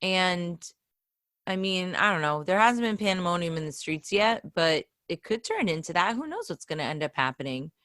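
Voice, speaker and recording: A woman's voice: on the low side, very animated, normal speed, fairly bright tone, no room sound, studio quality. A woman co-hosting a podcast, chatting casually with a wry, self-mocking sense of humor. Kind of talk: casual video-call chat.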